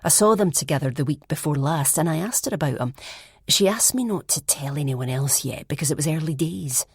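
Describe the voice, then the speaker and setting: A woman's voice: sits low, expressive, fairly quick, slightly rough, no echo, clean studio sound, exaggerated voice. A woman voicing a gossipy young woman student who tells news in a confiding way. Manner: confiding, hushed at times.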